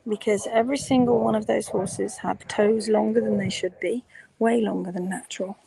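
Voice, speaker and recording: A woman hosting a casual live stream in a quiet half-whisper, her voice a little croaky. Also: mid-range voice, steady tone, moderate pace, low-quality recording. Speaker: hoof care instructor and vlogger. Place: workshop ante room near a presentation.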